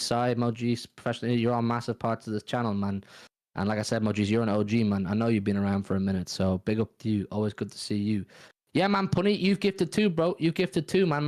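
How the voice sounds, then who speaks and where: Young manc guy hosting a late night stream, lively slangy shoutouts, middle pitch. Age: 20s. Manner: animated, slangy, shouting out viewers. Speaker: co-host. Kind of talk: late-night livestream chat.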